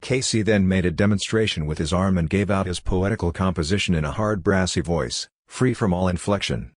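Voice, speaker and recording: A man narrates a novel in a measured, even reading voice, low and deep in pitch. The recording is dry and close, with no room sound around him. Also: dry recording. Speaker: audiobook narrator. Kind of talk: audiobook narration.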